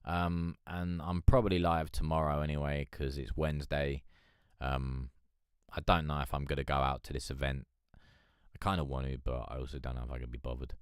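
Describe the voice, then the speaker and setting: Live-stream host, man, low droll Eeyore voice, casual and sweary, close dry mic. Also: level tone, normal speed, clean tone, no room sound. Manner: chatty, swearing, laughing, reading chat aloud. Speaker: livestream host.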